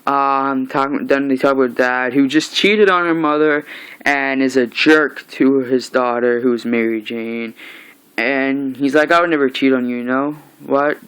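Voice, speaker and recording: A young man chats through a comic book recap in a casual home vlog. He rambles, restarts and retells scenes with "he's like." His voice is clear and smooth, sitting at a middle pitch. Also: fairly even intonation, a little slow, fairly bright tone, poor audio.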